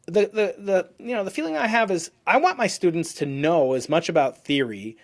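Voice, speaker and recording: A man's voice: sits high, lively intonation, brisk. A man in his fifties, a physicist hosting an interview, who rambles through questions with frequent restarts. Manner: rambling, restarts, many "you know"s. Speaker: podcast host, physicist. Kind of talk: conversational interview.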